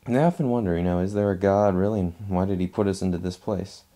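A man's voice: deep voice, quick pace, warm tone. A man giving a casual movie review, rambling and restarting his phrases as he talks at home.

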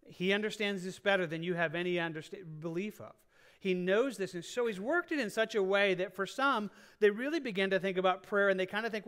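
A man's voice: sits high, a bit bright. A man preaching a sermon in a church as pastor, earnest, often restarting phrases and drawing out key words. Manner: earnest, repeats and restarts phrases, drawn-out stresses.

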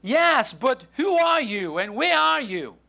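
A man doing a panicked man yelling for help. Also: very high voice, very animated, takes it slowly, gravelly, voice pushed up, exaggerated voice. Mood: pleading. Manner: panicked, pleading yells. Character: terrified man dangling from a branch.

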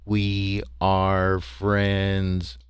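A man voicing a barrel-shaped alien creature that booms out a greeting in a slow, droning monotone, in a storybook reading. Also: smooth, dry recording, studio quality.

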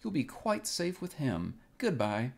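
Man reading as a timid little storybook piglet, jittery and fussy, voice pitched up and swinging widely. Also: wildly swooping pitch, creaky, a little mellow, heavily acted. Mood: relieved. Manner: anxious, hurried excuses. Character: small timid male piglet, nervous and fussy.

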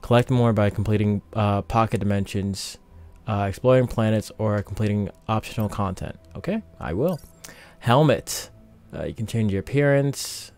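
A man's voice: lowish voice, moderate pace, darkish tone. A young man casually commenting while playing a video game, rambling and interrupting himself with asides to viewers. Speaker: let's play host.

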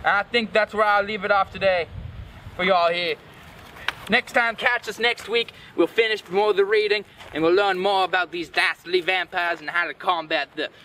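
A man hosting a comedic dramatic reading, adding deadpan, mock-serious conspiracy asides. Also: high-pitched, fairly quick, far from the mic, a little hiss or hum, poor audio. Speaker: host.

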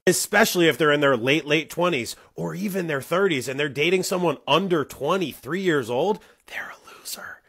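A man delivering a heated, scolding monologue, swinging from loud emphasis to hushed asides. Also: on the high side, brisk, hardly any pauses, slightly rough.

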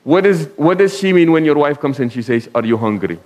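Lively preaching man, higher voice. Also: brisk. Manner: conversational, asks the audience questions, tells anecdotes; sprinkles Arabic phrases. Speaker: imam giving a talk. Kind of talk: sermon.

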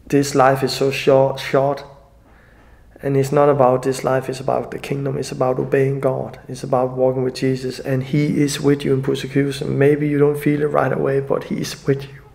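Gravelly, tearful man, earnest and halting. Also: mid-range voice, monotone, darkish tone. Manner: earnest, halting, non-native phrasing. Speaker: evangelist. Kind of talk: emotional personal video message.

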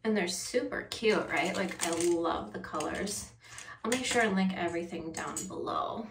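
A woman's voice: fairly low pitch, lively intonation, moderate pace, vocal fry, noisy background. A woman chatting through a home how-to vlog, self-deprecating and laughing at herself. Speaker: beauty vlogger. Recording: roomy echo, mic at a distance.

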